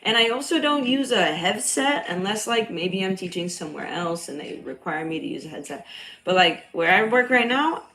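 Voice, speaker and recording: A young woman with a slight Bronx accent who is a cycle coach, chatting casually on a livestream. Her voice is loud and a bit nasal, and she talks bluntly, swears freely and laughs often. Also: mid-range voice, lively intonation, normal speed, rough recording. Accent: slight Bronx New York.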